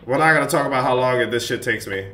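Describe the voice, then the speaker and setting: A man's voice: mid-range voice, quick pace, a bit bright. A young man giving panicky, jumpy commentary while playing a horror game and talking to himself. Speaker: gaming YouTuber. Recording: roomy, distant mic, faint hiss.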